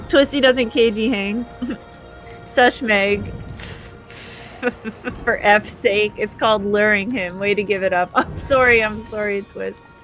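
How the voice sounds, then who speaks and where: Giggly woman streamer from Canada, bright voice, chatty, faint game music underneath. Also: medium pitch, fairly even intonation, slow, long pauses. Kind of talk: live gameplay chat, reading viewer comments.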